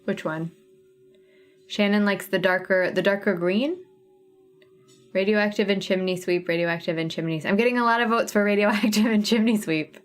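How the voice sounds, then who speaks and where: A woman's voice: medium pitch, fairly even intonation, normal speed, soft background music. A woman hosting a casual craft livestream, chatting with viewers and thinking aloud as she sorts thread colors. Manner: chatty, thinking aloud while sorting flosses. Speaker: cross-stitch livestream host.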